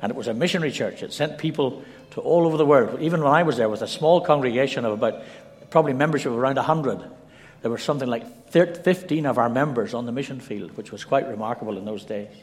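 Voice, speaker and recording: A man's voice: mid-range voice, a little mellow. Man preaching in a reverberant church. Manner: measured, storytelling delivery. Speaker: visiting preacher. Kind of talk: sermon with scripture reading. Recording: long reverb in a large hall.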